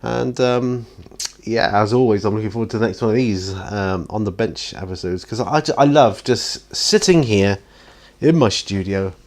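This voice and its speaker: A man's voice: fairly low pitch, moderate pace. A man chatting casually while painting miniatures in his home studio, rambling and self-deprecating, tired and yawning often. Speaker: hobby painting vlogger.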